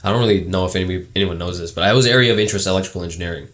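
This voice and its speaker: A young man hosting a casual chat, joking around and talking fast. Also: sits low, fairly bright tone. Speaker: host. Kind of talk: casual conversation.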